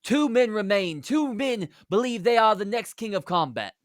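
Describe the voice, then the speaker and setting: A man's voice: sits high, very animated, normal speed, no room sound, studio quality, pitched above the performer's own voice. A man voicing a cocky British male wrestler, with a put-on British accent and a pompous, declaiming manner. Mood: boastful.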